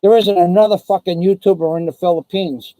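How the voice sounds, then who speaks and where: Man, angry profane rant, high-pitched for a man, dry close sound, taunting. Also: fairly even intonation, brisk, warm tone, no room sound, rough recording. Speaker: vlogger. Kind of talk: angry ranting live stream. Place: living in the Philippines.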